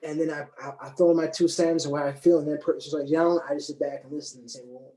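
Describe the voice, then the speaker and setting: Calm, deliberate man in an echoey room. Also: a little high. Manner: calm, deliberate, repeats words as he works out his point. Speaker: panel guest. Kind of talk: casual discussion.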